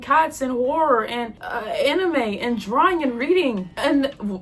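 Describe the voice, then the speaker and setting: A young woman vlogger reacting to texts out loud, exasperated and swearing often. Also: high-pitched, expressive, a little slow, few pauses. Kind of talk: reaction commentary reading texts.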